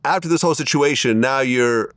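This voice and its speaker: Male host, middle pitch, brief prompting questions, dry studio recording. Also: brisk, fairly bright tone, no echo. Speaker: interview host. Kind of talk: interview questions.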